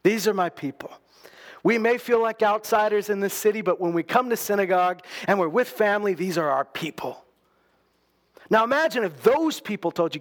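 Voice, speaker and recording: A man with a notably high speaking voice preaches a sermon like a conversation. He restarts phrases as he goes and slips into quoted voices to tell the story. The delivery is loose and spoken rather than read. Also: animated, moderate pace. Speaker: pastor.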